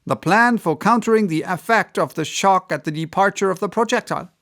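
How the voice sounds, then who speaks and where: A man voicing an excitable, absorbed man of science in an audiobook, exclaiming his discoveries. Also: high-pitched, brisk, voice pushed up. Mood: excited.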